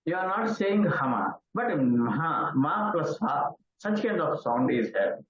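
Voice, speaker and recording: An older Indian man lectures slowly, pausing often and filling gaps with "uh". His pitch jumps around a lot, and the recording sounds roomy and dull. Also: very animated. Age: 60s. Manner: halting, with frequent pauses and fillers. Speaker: Sanskrit professor.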